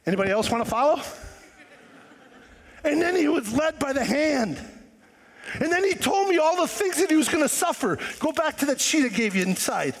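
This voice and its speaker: A man's voice: extremely high pitch, very animated, normal speed. A man preaching a sermon to his church, firing rhetorical questions at the congregation and acting out voices. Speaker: pastor. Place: church hall. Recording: long reverb of a church hall.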